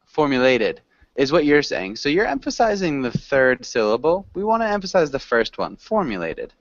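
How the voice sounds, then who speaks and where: A man's voice: a little high, big pitch swings, fairly quick, dry recording, dull audio. A man teaching an online English class, patiently coaching students on words and pronunciation.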